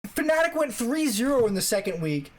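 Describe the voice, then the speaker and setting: A man's voice: very high-pitched, sing-song, moderate pace. A man co-hosting a casual esports podcast, rambling as he recalls facts aloud. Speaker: podcast co-host.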